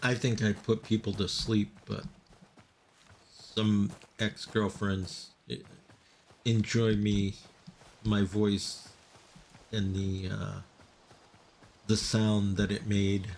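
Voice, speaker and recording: A man's voice: lowish voice, level tone, takes it slowly, long pauses, darkish tone, slight background noise. A man in his fifties, a game streamer chatting casually with viewers in chat while he plays. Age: 50s. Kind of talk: casual live-stream chat over gameplay.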